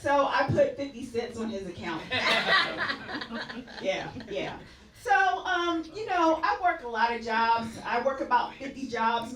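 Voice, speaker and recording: A woman's voice: high-pitched, reverberant, recorded from a distance, low-quality recording. A woman doing a stand-up comedy set on a club stage, chatty and laughing at her own punchlines.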